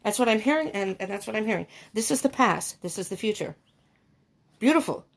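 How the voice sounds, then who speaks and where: A woman's voice: medium pitch, expressive, fairly quick, creaky. Chatty woman reading tarot cards. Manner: chatty, laughs often, thinks aloud with many ums. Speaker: tarot reader. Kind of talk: casual tarot reading to camera.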